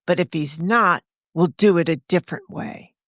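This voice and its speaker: A woman's voice: fairly low pitch, normal speed, a bit bright, dry recording, clean studio sound, lightly acted. A woman voicing a breezy, sing-songy suburban mother who is hatching a plan. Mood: scheming.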